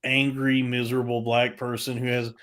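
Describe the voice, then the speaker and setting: Man, podcast co-host, crude and animated rant, heavy swearing, mid-range voice. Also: mid-range voice, moderate pace. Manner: crude, profanity-heavy storytelling; animated, frequent restarts. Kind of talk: casual podcast chat.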